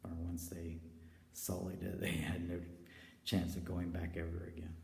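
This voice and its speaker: A man giving a rambling spiritual confession, slipping between hushed whispers and loud declarations, recorded in a stairwell. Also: deep voice, monotone, normal speed, gravelly. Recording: echoey stairwell with long reverb.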